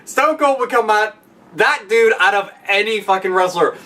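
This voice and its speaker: Profane, excitable man ranting far from the mic. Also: high-pitched, normal speed. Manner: profane, excitable, bursts into loud shouting impressions. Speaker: podcast guest. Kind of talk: casual ranting monologue.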